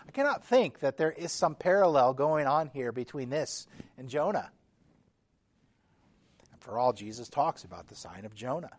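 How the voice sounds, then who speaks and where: A man preaching a sermon in a measured, emphatic way, his intensity rising and falling. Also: medium pitch, very animated.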